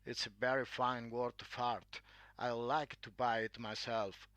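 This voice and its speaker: A man voicing a witty, smug aristocrat who speaks smoothly and with amusement in a read-aloud story. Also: mid-range voice, flat delivery, unhurried, a bit bright, dry recording. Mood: amused.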